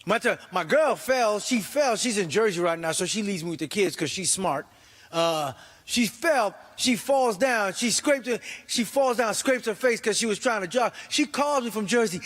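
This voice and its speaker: A middle-aged man from New York doing a stand-up comedy set, animated and acting out his family in voices. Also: sits high, moderate pace, long reverb tail.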